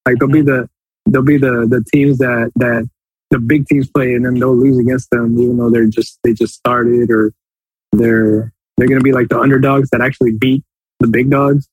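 A man's voice: medium pitch, level tone, normal speed, a little mellow, breathy edge, no echo, poor audio. A man co-hosting a casual soccer podcast, talking in a loose, rambling way and laughing easily. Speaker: podcast co-host.

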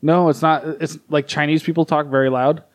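A man's voice: on the high side, steady tone, a little fast. A man chatting casually as a podcast co-host, asking questions and laughing often. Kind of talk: casual chat.

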